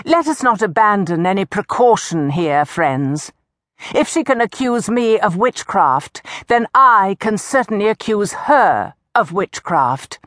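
A woman's voice: a little high, sing-song, unhurried, no echo, studio quality, pitched above the performer's own voice. Woman doing a sarcastic defiant young heroine. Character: sharp-tongued sarcastic young woman bound at the stake.

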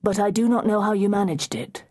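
A woman's voice: medium pitch, a little fast, a little mellow, voice pushed up, close to an everyday voice. A woman narrating an audiobook, voicing a shipwrecked male sea captain who asks earnest, searching questions. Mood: questioning.

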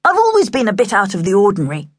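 A woman's voice: fairly high pitch, lively intonation, moderate pace, a bit bright, dry recording, studio quality, voice pushed up. A woman voicing a boastful, show-off young boy with a swaggering, self-important manner.

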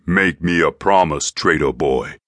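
A man voicing a menacing, gleeful male villain in an audiobook, with a slow, mocking, taunting drawl. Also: a bass voice, fairly bright tone, dry recording, clean studio sound. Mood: gloating menace.

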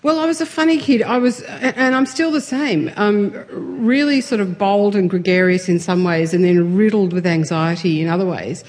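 A woman's voice: mid-range voice, moderate pace, hardly any pauses, a little mellow. A woman guest in a casual interview, chatty and self-deprecating, laughing often as she talks.

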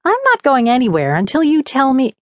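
A woman's voice: high voice, huge pitch swings, brisk, dry recording, studio quality, voice pushed up. A woman voicing a tough, impatient woman who snaps bluntly at a ghost in a raised voice. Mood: stubborn. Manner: snappy and blunt.

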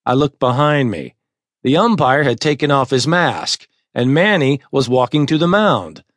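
A man narrating a first-person audiobook in a measured, deliberate way. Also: mid-range voice, lively intonation, no room sound, studio quality.

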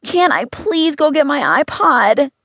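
A woman reading an audiobook, voicing a young boy who begs and wheedles in a high voice. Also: big pitch swings, a little slow, a bit bright, dry recording, heavily acted. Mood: whiny pleading. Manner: wheedling and begging. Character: pleading, whiny young boy.

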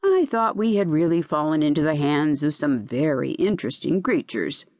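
A woman doing a low, wistful male zoophyte. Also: very animated, moderate pace, darkish tone, dry recording, clean studio sound. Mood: disappointed. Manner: low, murmuring, plaintive. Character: male zoophyte, touchy, wistful, easily let down.

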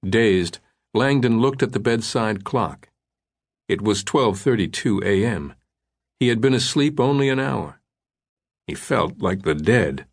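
Low-voiced man narrating an audiobook. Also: expressive. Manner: measured, suspenseful storytelling.

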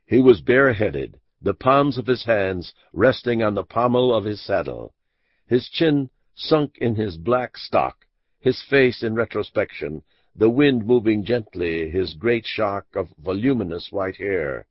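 Gravelly male audiobook narrator. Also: on the low side, no echo. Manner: measured, expressive storytelling. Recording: dull dry lo-fi audiobook recording.

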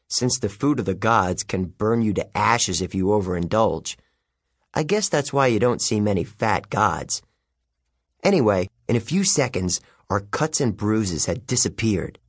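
A man's voice: lowish voice, slightly rough, no echo, clean studio sound. A man narrating a children's audiobook in the first person, with a wry storytelling manner. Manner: lively, wry storytelling with youthful character voices.

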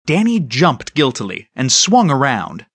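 A man narrating a children's audiobook with a lively, storytelling delivery and a husky voice. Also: mid-range voice, measured pace, dry recording. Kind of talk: scripted narration.

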